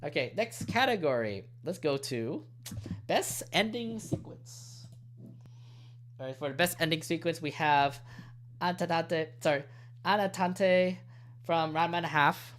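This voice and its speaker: A man hosting a podcast in casual chat, animated and laughing often, stumbling over titles. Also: a little high, normal speed, slight background noise. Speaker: podcast host.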